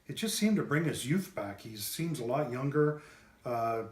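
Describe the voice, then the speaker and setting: A man tells his story in a plain, mid-pitched voice. He pauses often and restarts his sentences, filling the gaps with fillers. The room around him is bare and roomy, so his voice echoes. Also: animated. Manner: halting, with many fillers and restarts. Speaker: pet owner giving a testimonial. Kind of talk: unscripted testimonial. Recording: roomy echo.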